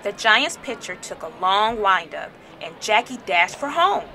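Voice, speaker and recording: A woman teacher reading a children's storybook aloud with expressive, animated storytelling. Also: mid-range voice, unhurried, a little hiss or hum.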